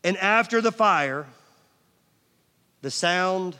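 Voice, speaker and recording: A middle-aged male pastor preaching a sermon, swinging from loud emphasis to near-whispers and asking the audience questions. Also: a little high, moderate pace. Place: large church hall. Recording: long church hall reverb.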